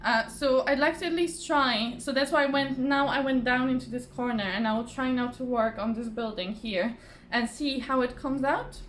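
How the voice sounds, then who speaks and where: Woman, casual craft vlogger, highish voice, rambling and chatty, slightly tired voice. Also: moderate pace, hardly any pauses, a little hiss or hum. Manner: chatty, rambling, many fillers and restarts; laughs often. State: voice a little tired. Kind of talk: casual chat to camera. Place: home, at a table. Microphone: phone or camera on the table.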